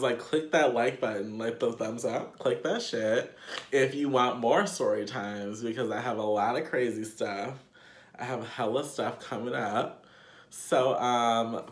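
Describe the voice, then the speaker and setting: Young man, casual storytime vlog, unhurried, laughing, swearing, echoey room. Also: medium pitch. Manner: slow, laughing, swearing often. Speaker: vlogger.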